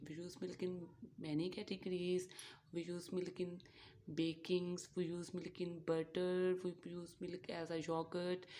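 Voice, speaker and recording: A woman with a fairly low voice speaks very slowly as she hosts a children's toy unboxing. She uses simple, broken English and imitates animal sounds between her explanations. A faint noise sits behind her voice. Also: darkish tone.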